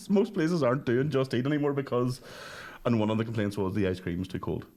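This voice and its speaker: A man's voice: mid-range voice, fairly quick, darkish tone. A man, a podcast co-host telling stories and laughing in casual chat. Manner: laughing, storytelling.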